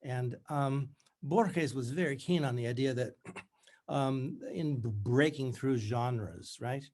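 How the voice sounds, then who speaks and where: A man's voice: mid-range voice, a little mellow. Reflective man in his seventies. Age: 70s. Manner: reflective, measured storyteller. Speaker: author. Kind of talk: conversation and reading from his book.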